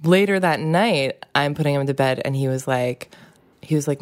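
Female co-host, low register, relaxed anecdotal storyteller. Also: normal speed. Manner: chatty, uses "like" a lot. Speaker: podcast co-host and mother. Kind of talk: casual storytelling.

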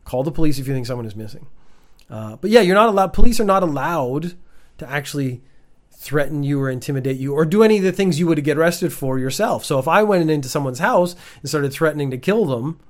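A man's voice: on the high side, expressive, fairly quick. A man giving casual, wry commentary on news stories from home, chatty with frequent restarts.

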